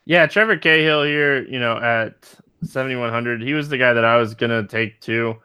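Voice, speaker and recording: A man hosting a casual sports podcast, relaxed and playful, with frequent ums. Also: medium pitch, moderate pace, smooth. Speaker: podcast host.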